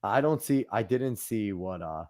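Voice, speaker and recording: Animated swearing male podcast host. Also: fairly low pitch, a little slow, dry recording, clean studio sound. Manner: animated, profane, swinging loud and soft. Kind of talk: casual political chat.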